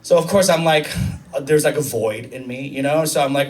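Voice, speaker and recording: A man in his thirties doing a chatty, self-mocking stand-up set, jumping into high squealing impressions. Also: brisk, distant mic. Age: 30s. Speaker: stand-up comedian. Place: comedy club stage. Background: audience laughter.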